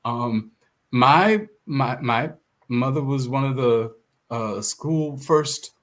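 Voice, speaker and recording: An older man from the South Carolina Sea Islands, speaking in a measured, thoughtful way in an interview. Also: mid-range voice. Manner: measured, thoughtful, with hesitant restarts. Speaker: guest author. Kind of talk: reflective interview conversation.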